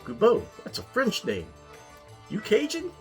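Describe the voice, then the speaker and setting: A man putting on a gruff army sergeant major. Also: sits high, wildly swooping pitch, unhurried, soft background music, voice pushed up, heavily acted. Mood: gruff questioning. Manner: curt barked questions.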